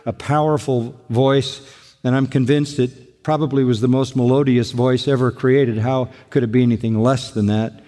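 A man's voice: mid-range voice, steady tone, moderate pace, mellow. An older man preaching a sermon as a pastor, emphatic and fond of repeating his phrases. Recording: long reverb of a large hall.

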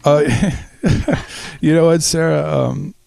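A man's voice: a little high, slow, creaky, darkish tone, no echo. A man co-hosting a podcast, talking casually in a reflective, easygoing way. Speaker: podcast co-host. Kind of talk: casual chat.

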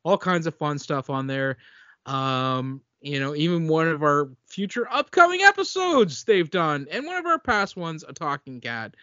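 A man hosting a casual podcast, talking in a slightly raised, bright and forceful voice. He rambles and restarts his sentences, laughing easily between thoughts. The recording is dry and dull, with a lo-fi sound. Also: fairly high pitch, big pitch swings, normal speed, no echo. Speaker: podcast host. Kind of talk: casual chat.

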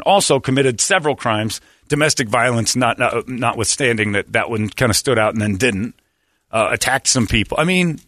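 A man's voice: mid-range voice, bright, forceful tone, no room sound, studio quality. A middle-aged man hosting a radio show, talking in a blunt, sarcastic, rambling way. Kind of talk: casual talk radio banter.

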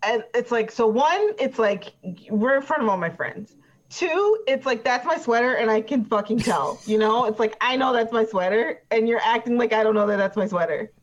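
A woman's voice: a little high, moderate pace, close to an everyday voice. A woman voicing a chatty, petty witness who rambles with many fillers and gets defensive. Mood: exasperated. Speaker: player voicing a trial witness. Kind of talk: improvised tabletop role-play. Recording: dull lo-fi recording.

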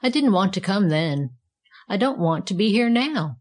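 A woman's voice: medium pitch, big pitch swings, normal speed, a little mellow. A woman voicing a grumpy, contrary talking bellows in a read-aloud storybook, speaking bluntly and curtly.

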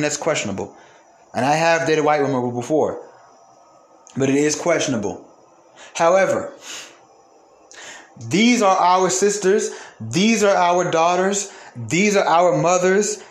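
The voice is a man's, a little high, recorded in an echoey room. Hosting a podcast, he delivers an angry, profane ranting monologue, repeating phrases for emphasis.

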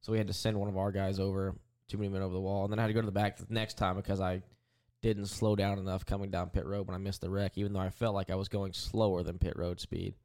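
A laid-back man with a slightly low voice tells rambling stories in casual chat. He is a driver co-hosting a podcast and talks loosely, with plenty of fillers. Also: little pitch movement, quick pace, a little mellow. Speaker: podcast co-host, race car driver.

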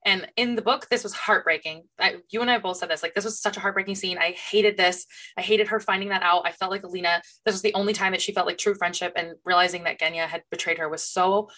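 A young woman co-hosting a podcast in casual chat, animated and full of fillers. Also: on the low side, quick pace, hardly any pauses. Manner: animated, many fillers, acts out quotes. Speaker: podcast co-host.

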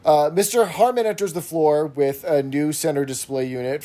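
A man on a podcast, casually recapping an episode in a steady, explanatory way. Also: fairly high pitch, normal speed. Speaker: podcast co-host.

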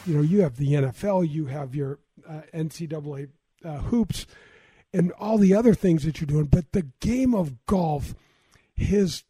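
A man in his sixties hosting an interview, telling stories in an excited, animated way. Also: high-pitched, breathy edge, no room sound. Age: 60s. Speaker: podcast host, golfer. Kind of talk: casual interview storytelling.

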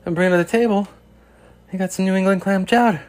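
A man doing an impression of a brash Boston comedian, with a put-on Boston accent, shouting rhetorical questions. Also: high voice, steady tone, fast, pitched above the performer's own voice, lightly acted. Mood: ranting.

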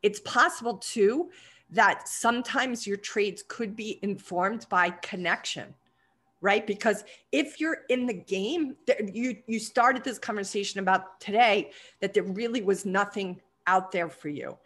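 A woman's voice: medium pitch, a little slow, fairly bright tone. A woman acting as a trading coach who asks encouraging, probing questions. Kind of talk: coaching conversation.

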